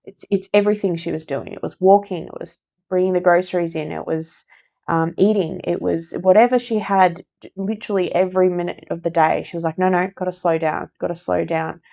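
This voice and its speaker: A woman giving a casual spoken tarot reading, gentle and encouraging, who repeats phrases for emphasis. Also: fairly low pitch, fairly even intonation, a little fast, gravelly. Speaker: tarot reader.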